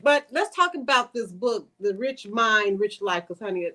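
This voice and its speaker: A woman's voice: medium pitch, animated, moderate pace, pushed and bright. A woman hosting a casual interview, chatty and enthusiastic, who often gets sidetracked. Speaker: interview host.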